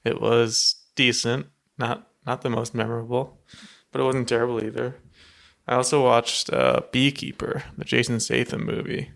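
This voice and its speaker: A man co-hosting a film podcast in a heavily gravelly voice. His delivery stays flat and even, laid-back and low-key throughout. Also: moderate pace. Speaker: podcast co-host. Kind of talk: casual podcast chat.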